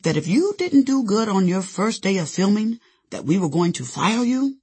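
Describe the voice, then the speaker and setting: A woman's voice: medium pitch, very animated, normal speed, dark tone, breathy edge. A woman voicing a genial male film director with a German accent, teasing and conspiratorial.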